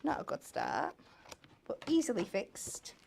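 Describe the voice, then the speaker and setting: A woman's voice: medium pitch, huge pitch swings, measured pace, vocal fry, darkish tone, a little hiss or hum. A woman demonstrating a card-making craft step by step in a chatty way. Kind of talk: hands-on crafting demo. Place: TV craft studio.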